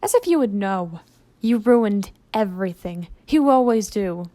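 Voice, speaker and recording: A woman's voice: mid-range voice, expressive, normal speed, a little mellow, dry recording, lightly acted. A woman voicing a spiteful imp sister. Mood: bitter. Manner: scornful and resentful.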